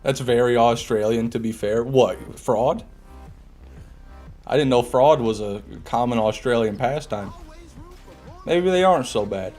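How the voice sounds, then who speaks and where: A man's voice: medium pitch, unhurried, long pauses, darkish tone. Joking male game streamer, faint music behind. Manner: joking, laughs often, restarts phrases. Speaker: gaming streamer. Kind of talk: live gameplay commentary.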